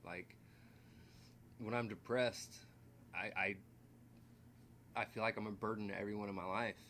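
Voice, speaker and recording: Male reaction host, low-ish bright voice, loose and candid. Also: fairly even intonation, normal speed, slight background noise. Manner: candid, loose and swears casually. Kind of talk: casual reaction commentary.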